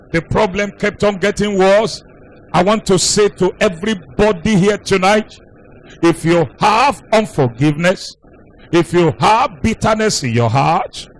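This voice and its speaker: Brief: male pastor, high voice, emphatic preaching with repeated phrases. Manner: emphatic, repetitive preaching cadence. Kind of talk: sermon.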